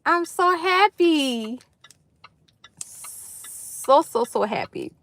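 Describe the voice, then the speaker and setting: High-voiced woman chatting live from her car. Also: expressive, very slow, fairly bright tone. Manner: effusive, chatty, greets viewers by name. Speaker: livestream host. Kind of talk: casual live chat with viewers. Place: parked car in a school carpool line.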